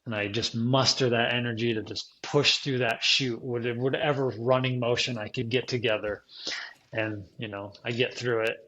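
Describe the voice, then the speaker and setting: A man's voice: medium pitch, fairly even intonation, normal speed, sharp tone, dull audio. A man who is a podcast guest, telling a vivid and emotional story from his own experience in a casual interview, laughing often as he talks.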